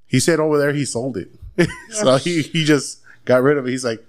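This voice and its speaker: A man's voice: mid-range voice, animated, a little fast. Rambling, swearing male podcast host. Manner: rambling storyteller, swears, mixes in Spanish words. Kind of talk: casual chat.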